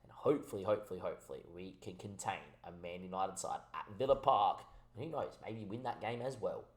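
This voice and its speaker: A man giving casual commentary on his football management game, a little tipsy from wine, switching between excitable mock match calls and chatty asides. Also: lowish voice, fast talker.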